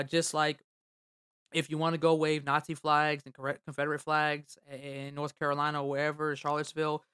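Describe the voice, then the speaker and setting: Smooth-voiced sports host. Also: male voice, on the high side, a bit bright, no room sound, studio quality. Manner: loose and rambling, many fillers. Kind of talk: casual sports talk.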